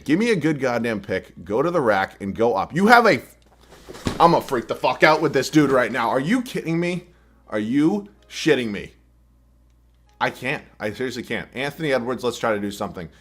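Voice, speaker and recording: Animated young man yelling over gameplay. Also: lowish voice, a little fast. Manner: swears often, frustrated outbursts, self-deprecating. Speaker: gaming YouTuber. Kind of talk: live gameplay commentary.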